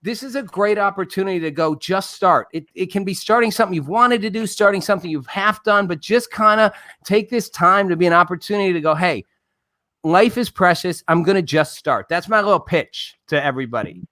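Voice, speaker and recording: Bright-voiced older man hosting a talk show. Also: high voice, fairly quick, no echo. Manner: friendly, joking, encouraging. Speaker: host.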